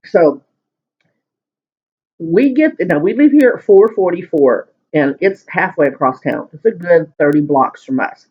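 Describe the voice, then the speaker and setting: Man, high-ish voice, chatty home-video eater rambling on, muffled lo-fi sound. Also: very animated, normal speed, slightly rough. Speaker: mukbang vlogger. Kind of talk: casual chat while eating. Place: at home at the dinner table.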